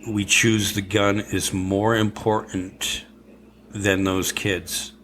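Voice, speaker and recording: A man co-hosting a podcast in casual political chat, halting and repeating words as he starts sentences. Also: lowish voice, flat delivery, noisy background. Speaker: podcast co-host.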